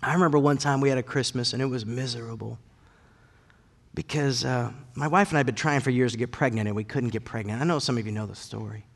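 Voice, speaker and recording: A man in his thirties preaching a sermon and telling personal stories, lively and animated, his voice rising and getting loud when excited. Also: mid-range voice, fast talker, in a large hall. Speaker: pastor.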